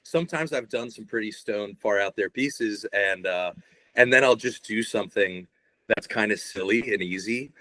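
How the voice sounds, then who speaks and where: A man's voice: fairly low pitch, moderate pace, sharp tone, dry recording. A young man, a guest on a podcast, talking in a rambling, laid-back way and swearing often. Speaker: guest, shirt artist. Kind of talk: casual podcast conversation.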